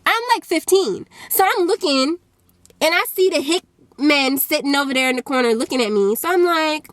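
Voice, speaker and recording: A young adult woman telling a personal story in a casual, animated storytime vlog, full of fillers. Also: sits high, moderate pace. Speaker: YouTuber.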